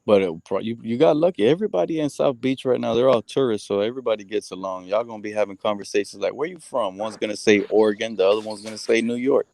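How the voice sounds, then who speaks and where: Relaxed man in a dry, close recording. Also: fairly low pitch, fast talker, vocal fry, hardly any pauses, no room sound. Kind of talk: casual chat.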